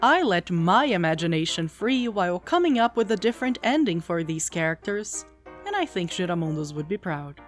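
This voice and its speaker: Playful, lively woman video host. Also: lowish voice, moderate pace, faint music behind. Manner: playful and animated. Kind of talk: scripted video essay narration.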